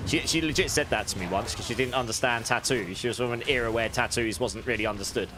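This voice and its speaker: A man's voice: medium pitch, lively intonation, fast talker, noisy background. A British man streaming and chatting casually with viewers, in a rambling, friendly way with frequent restarts. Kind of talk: casual livestream chat.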